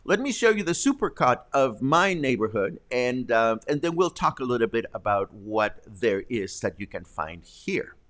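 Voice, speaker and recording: A man's voice: lowish voice, fairly bright tone. A man hosting a local talk show, casually explaining slang with jokes and asides. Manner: chatty, joking, explains slang.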